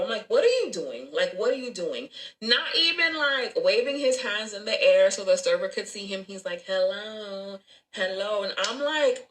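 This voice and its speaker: A woman telling a story about a bad date, animated and swearing, acting out both sides of the dialogue. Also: fairly low pitch, rough recording. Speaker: storyteller in a clip. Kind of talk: story time, casual telling.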